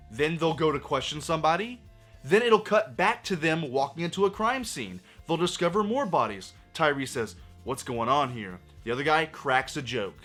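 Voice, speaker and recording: A man's voice: a little high, fairly bright tone. A man ranting through a movie review, sarcastic and profane, full of exasperation.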